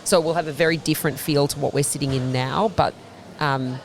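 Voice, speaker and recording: A woman's voice: deep voice, fairly even intonation, a little fast, a little hiss or hum. A woman, a bakery founder, telling fluent, detailed stories as a guest in a casual interview inside her bakery. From Australia.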